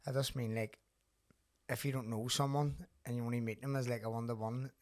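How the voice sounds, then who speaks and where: A man's voice: medium pitch, fairly even intonation, fairly quick, a little mellow. A man with a thick Belfast accent hosting a podcast, telling stories in a loose, swearing, laughing way. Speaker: podcast host. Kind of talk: casual chat.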